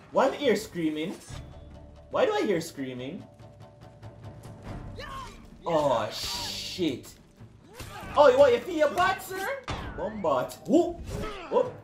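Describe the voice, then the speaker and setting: A young man gives rowdy, slang-heavy commentary while he plays. His voice sits high and swings widely in pitch. The recording is roomy, with faint game music behind him. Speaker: gaming video creator. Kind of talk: gameplay commentary.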